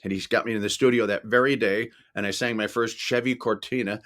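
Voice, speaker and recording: Older man from Ireland, lowish voice, rambling guest storyteller. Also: fairly even intonation, brisk, fairly bright tone. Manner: rambling anecdotes with laughs and acted-out quotes. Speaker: podcast guest. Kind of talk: casual storytelling.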